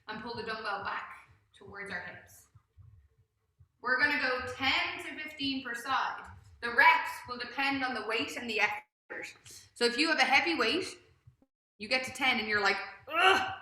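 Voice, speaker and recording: A woman's voice: on the high side, bright, forceful tone, echoey room. A woman with an Irish accent coaching a live workout class, chatty and encouraging, praising people by name and laughing often. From Ireland. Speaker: fitness coach.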